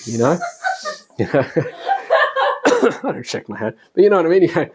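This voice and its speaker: A man's voice: fairly high pitch, huge pitch swings, moderate pace, pauses often, heavy background noise. A middle-aged man giving a casual spoken lecture, chatting, laughing often and acting out the voices of family members. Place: classroom.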